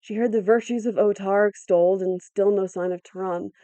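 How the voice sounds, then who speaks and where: Woman reading a novel aloud, steady and dramatic, super dry close mic. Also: mid-range voice, no echo. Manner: measured, dramatic storytelling. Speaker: audiobook narrator. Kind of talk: audiobook reading.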